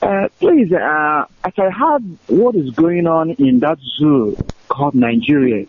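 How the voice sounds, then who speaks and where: A man's voice: on the high side, expressive, a little slow, breathy edge. A male caller on a radio call-in show, distraught and pleading. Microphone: phone line. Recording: tinny phone line.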